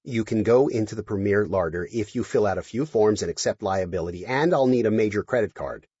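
A stiff, pedantic robot cook who insists on rules , read by a man narrating. He speaks a bit higher than the narrator, in a slightly husky voice. The recording is dry. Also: brisk, a little mellow, dry recording, highs cut off. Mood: officious. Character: fussy, officious male robot cook.

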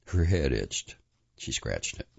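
A man narrating a novel in an expressive storytelling manner, moving between dramatic and hushed delivery. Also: rumbling low, slow pace, vocal fry, slightly rough, dry recording, muffled recording. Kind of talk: audiobook narration.

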